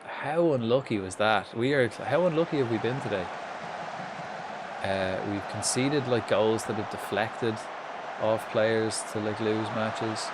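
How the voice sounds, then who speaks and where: A man's voice: lowish voice, heavy background noise. An Irish man commentating live on a football management game, swearing freely and chatting with viewers. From Ireland. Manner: swearing, excitable, chatting with chat. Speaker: streamer.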